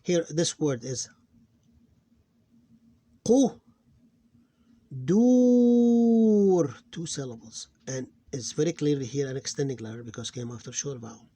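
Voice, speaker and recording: A man teaching a phonics lesson, explaining step by step and sounding out syllables loudly. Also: mid-range voice, fairly even intonation, fairly quick, few pauses, slightly rough, no echo.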